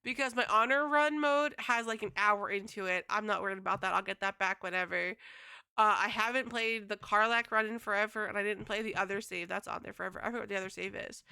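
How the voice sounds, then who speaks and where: A woman's voice: mid-range voice, fast talker, vocal fry, pushed and bright, smooth. A woman game streamer chatting casually to her live chat, rambling and swearing freely.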